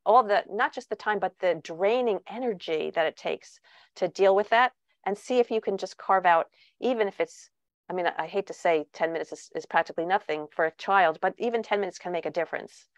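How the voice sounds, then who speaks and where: A woman's voice: lowish voice, fairly quick, no echo, lo-fi sound. Woman giving parenting advice, dry sound. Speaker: parenting author and speaker. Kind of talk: online talk with Q&A.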